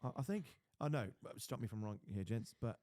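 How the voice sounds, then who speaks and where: A man's voice: mid-range voice, expressive, brisk, dark tone, no room sound, clean studio sound. A man hosting a podcast, prodding a guest with questions and often stammering as he starts a sentence. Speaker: podcast host. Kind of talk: casual podcast chat.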